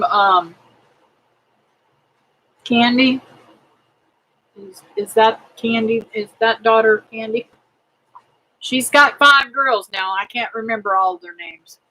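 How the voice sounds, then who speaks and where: A middle-aged woman hosting a casual livestream, praying aloud and chatting with viewers in a slow, homely way. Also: a little high, gravelly, bright, forceful tone, rough recording. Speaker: homestead livestream host. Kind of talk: casual livestream chat reading comments.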